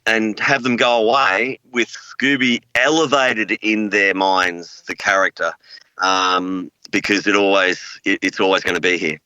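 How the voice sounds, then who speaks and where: Australian man, middle-aged, bright voice, rambling, lots of ums, dry close mic. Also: lowish voice, dry recording, low-quality recording. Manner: rambling, filler-heavy, earnest. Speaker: voice actor guest. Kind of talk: casual interview chat.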